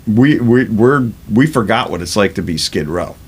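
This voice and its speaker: A man's voice: on the low side, lively intonation, moderate pace, slightly rough. A man in his fifties, a rock musician, telling studio stories in a casual interview, swearing freely and acting out what people said. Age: 50s. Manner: swears freely, acts out quoted exchanges.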